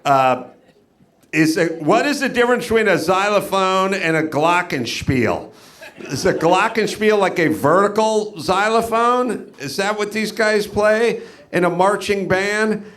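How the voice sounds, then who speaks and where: A man's voice: high voice, animated, measured pace, a bit bright. A man hosting a live comedy podcast from a comedy club stage, rambling through incredulous rhetorical questions. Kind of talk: live stand-up podcast riff.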